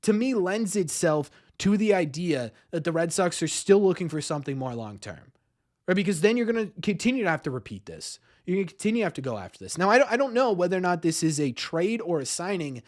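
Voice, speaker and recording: A man's voice: high voice, sing-song, quick pace. A man hosting a live-streamed sports talk show, rambling, repeating words and ending many lines with "right?". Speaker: podcast host.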